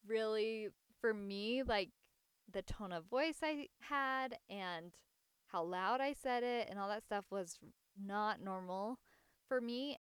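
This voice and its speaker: A woman in her thirties, a mother, telling a personal story in an earnest, reflective way with soft laughs. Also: medium pitch, slow, smooth, no echo, clean studio sound. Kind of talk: casual personal testimony.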